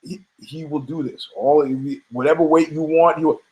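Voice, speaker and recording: A man's voice: fairly high pitch, fairly even intonation, normal speed, dull audio. Brash, profane man talking sports. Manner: brash, profane, rambling with restarts. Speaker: podcast host. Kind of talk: casual opinionated commentary.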